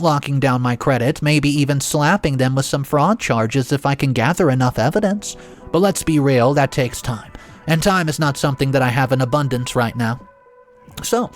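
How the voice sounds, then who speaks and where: Guy reading out a reddit-style story, snarky and worked up, mid pitch, faint music behind. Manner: sarcastic, exasperated, animated. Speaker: story narrator. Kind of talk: dramatic story narration.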